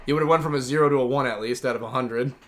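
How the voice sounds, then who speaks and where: A man's voice: mid-range voice, very fast, a bit bright. A man hosting a gaming livestream, chatting casually and enthusiastically, rambling with lots of "like". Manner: rambling and enthusiastic, heavy use of "like". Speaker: livestream host.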